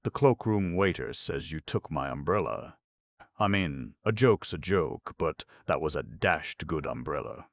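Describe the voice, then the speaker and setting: A man's voice: extremely low pitch, animated, measured pace, dry recording, full character voice. Pink-faced fussy young gent, exasperated and spluttering, voiced by a male narrator, dry close read. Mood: aggrieved. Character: flustered, indignant young man-about-town.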